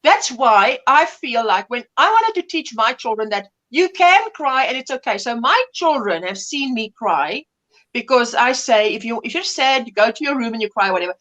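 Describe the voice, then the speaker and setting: Chatty woman in her fifties, high voice, livestream host greeting viewers. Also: fairly bright tone, muffled recording. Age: 50s. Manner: chatty, laughs often, drifts between greetings and stories. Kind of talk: casual chat reading viewer comments.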